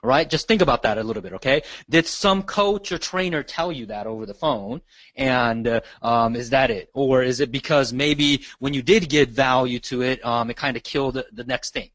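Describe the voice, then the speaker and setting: A man's voice: medium pitch, moderate pace, fairly bright tone, no echo. A man leading a live online sales training, asking the audience questions and checking in often. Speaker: real estate sales trainer.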